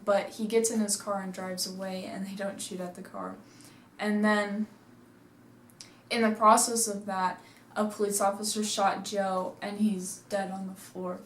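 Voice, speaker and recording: A woman casually reviewing a movie, rambling through the story with lots of "like," sitting at home. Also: mid-range voice. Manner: chatty, rambling retelling full of "like". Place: indoors at home, seated. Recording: echoey room.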